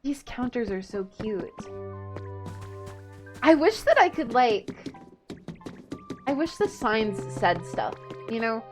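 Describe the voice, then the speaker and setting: A woman's voice: a little high, very animated, slow, pauses often, faint music behind. A woman streamer in casual livestream chat while playing a game, hesitant and trailing off as she reflects.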